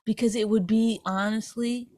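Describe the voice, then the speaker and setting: A woman's voice: fairly high pitch, steady tone, moderate pace, background noise. A middle-aged woman co-hosting a podcast in casual bickering chat, interrupting and teasing her partner. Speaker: podcast co-host.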